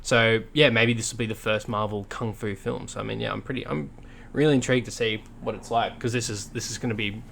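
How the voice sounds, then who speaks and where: A man's voice: fairly low pitch, fairly even intonation, a little fast, gravelly, hardly any pauses, a bit bright, slight background noise. A man co-hosting a podcast in casual chat, blunt and sarcastic, rambling with lots of fillers and restarts. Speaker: podcast co-host.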